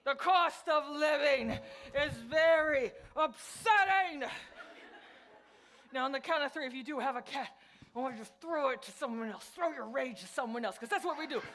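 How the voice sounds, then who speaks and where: A woman comedian hosting a live event, loudly and playfully shouting questions at the audience to whip up a crowd warm-up. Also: high voice, fast talker. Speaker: host, comedian. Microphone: clip-on mic that keeps falling.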